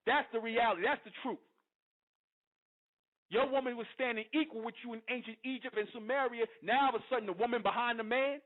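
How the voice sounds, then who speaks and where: A man's voice: very high-pitched, lively intonation, fast. A male radio host delivering an impassioned, confrontational monologue, profane and repetitive, constantly asking if you understand. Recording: tinny phone-like line.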